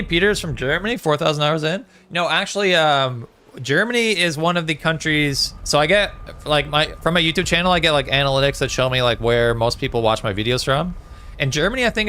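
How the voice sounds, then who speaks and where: A man's voice: fairly high pitch, bright, forceful tone. A man chatting casually with viewers on a live gaming stream, reading out chat messages with lots of fillers. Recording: faint music behind.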